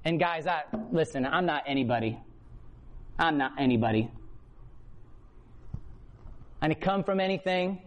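Brief: man, high voice, prison-ministry preacher, impassioned sermon delivery, hushed lows to loud peaks. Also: slight background noise. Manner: impassioned, swings from low hush to loud emphasis. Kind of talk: sermon testimony. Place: hotel or church meeting room before a congregation.

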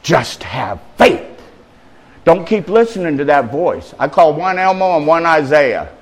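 Middle-aged male preacher, street-slang sermon, lively swings in pitch. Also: normal speed, a little hiss or hum, poor audio. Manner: slangy, emphatic, retelling scripture in street talk.

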